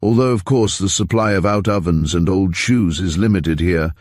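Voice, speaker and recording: A man's voice: low voice, moderate pace, darkish tone, no room sound, studio quality. A man voicing a gloomy young man who talks in a wry, self-mocking way.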